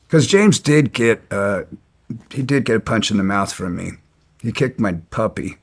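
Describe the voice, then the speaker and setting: Guy with a gravelly voice, kinda low, blunt and resentful, stumbling over his words while he tells his story. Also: expressive, measured pace. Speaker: interview guest. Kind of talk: casual storytelling.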